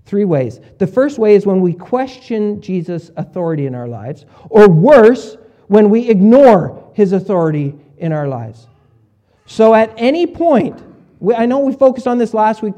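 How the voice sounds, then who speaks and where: A male pastor preaches in a relaxed, conversational way, with a high voice and a mellow tone. He often acts out what his listeners might say and moves between quiet asides and louder emphasis. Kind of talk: sermon.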